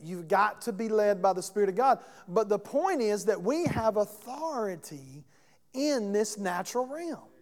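A man with a high, slightly mellow voice preaches a sermon as a pastor, telling a story conversationally and putting questions to his congregation. The church sanctuary gives the recording a long, echoing hall reverb.

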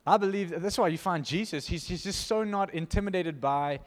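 Animated preacher man, reverberant hall. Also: high-pitched, brisk. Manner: animated, emphatic, laughs between points. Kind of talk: informal sermon with scripture reading.

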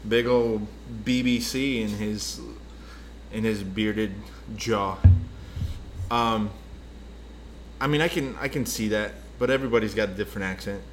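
A man's voice: on the low side, unhurried, pauses often, slight background noise. A man co-hosting a podcast in casual chat, rambling through stories and swearing freely. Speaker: podcast co-host.

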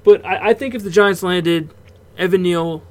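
Speaking at a moderate pace in a high-pitched voice, this sports podcast co-host chats loosely. He swears freely, stays relaxed, and keeps breaking into laughs.

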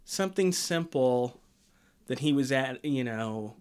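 A man's voice: medium pitch, animated, takes it slowly, darkish tone, clear, resonant tone. Man with dry wry remarks, casual podcast. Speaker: podcast co-host. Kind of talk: casual chat.

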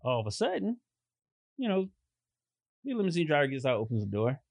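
A man telling stories in casual chat, animated and swearing, jumping into high voices when quoting people. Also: a little fast, creaky, dry recording. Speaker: podcast guest telling stories.

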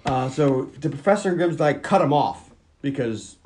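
A man's voice: medium pitch, animated, moderate pace, darkish tone, slight background noise. A man hosting a podcast, animatedly recapping a film plot in casual chat and laughing often. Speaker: podcast host.

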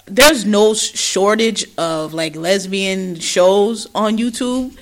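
A woman co-hosting a podcast, recapping a show in loud, laughing, profane gossip. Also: medium pitch, slow. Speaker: podcast co-host. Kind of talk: casual recap chat.

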